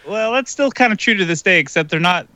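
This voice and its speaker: Man, podcast guest, high lively voice, upbeat, laughs a lot, dry close sound. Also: fast talker, no room sound. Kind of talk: casual chat.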